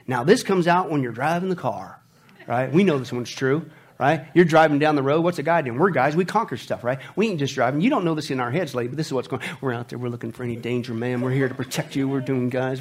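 A man preaching a humorous sermon, acting out little scenes and voices. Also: mid-range voice. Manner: animated, acts out voices and scenes. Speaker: pastor.

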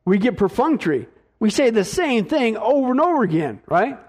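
A man's voice: very high-pitched, big pitch swings, normal speed, darkish tone. A man preaching a sermon, emphatic, often checking in with the congregation. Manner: emphatic, repeats rhetorical "right?" to the congregation. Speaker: pastor.

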